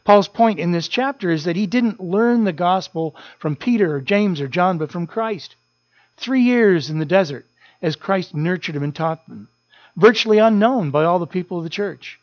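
A man's voice: sits high, expressive, moderate pace, dry recording, muffled recording. A man preaching a sermon as a pastor, earnest, repeating key phrases for emphasis.

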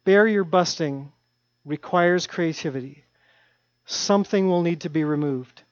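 A middle-aged man preaching a sermon in an earnest way, repeating his key phrases and dropping his voice to a hush at times. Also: fairly high pitch, unhurried, clean tone, no room sound, lo-fi sound. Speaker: pastor.

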